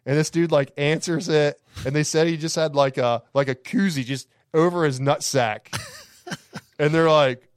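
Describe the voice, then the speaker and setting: A man from Alabama who owns a campground tells rambling, profane, laughing anecdotes on a casual podcast. His voice is fairly high with fairly even intonation at a normal speed, recorded dry with clean studio sound.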